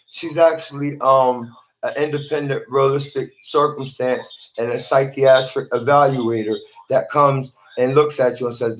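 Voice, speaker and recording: A man's voice: mid-range voice, fairly even intonation, unhurried. A man talking to a phone in a rambling monologue, often repeating and restarting his words.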